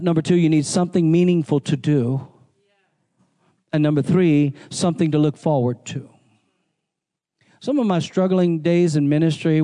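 A man preaching a sermon in a church service. He calls out to the congregation, mixes in jokey asides and builds up to shouting. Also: fairly high pitch. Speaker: pastor.

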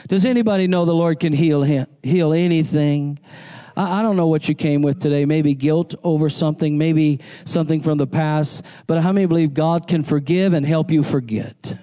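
A male pastor preaching a sermon, quoting scripture and asking the congregation questions with animated delivery. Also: on the high side, normal speed.

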